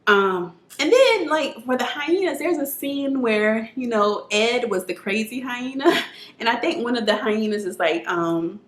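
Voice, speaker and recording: A woman's voice: a little high, lively intonation, unhurried, a bit bright. A woman chatting casually on camera as she reviews a film, earnest and full of fillers, recorded on her camera at home. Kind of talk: casual movie review chat. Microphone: camera mic. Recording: roomy echoey room sound.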